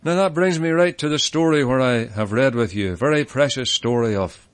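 A man's voice: medium pitch, brisk, no room sound. A man preaching a sermon at an evening tent meeting, earnest and emphatic, leaning hard on key words.

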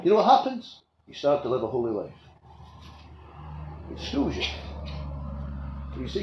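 A man preaching a sermon with passion, swinging between loud declarations and quiet asides. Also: on the high side, huge pitch swings, a little slow, pauses often, muffled recording. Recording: echoey room with faint ambient noise.

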